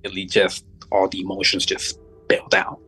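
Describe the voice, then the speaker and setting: A man telling a personal supernatural story as a guest, halting and restarting often, audibly moved as he talks. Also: low voice, monotone, pushed and bright, husky, poor audio. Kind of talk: emotional first-person storytelling.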